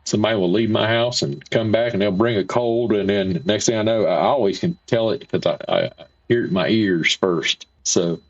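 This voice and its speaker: Over dull, lo-fi stream audio, a man hosts a casual livestream, reading out viewer comments between folksy, rambling chatter. He tends to repeat himself, speaking at a moderate pace in a fairly low voice.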